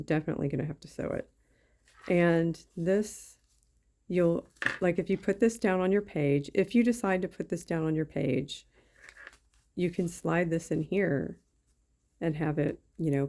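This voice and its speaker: Talking viewers through a craft project, this woman rambles and thinks aloud in a twangy voice that sits low, dark and mellow with a gravelly fry. It's a casual craft-along chat from a YouTuber who seems to be at her craft table at home, using a camera mic.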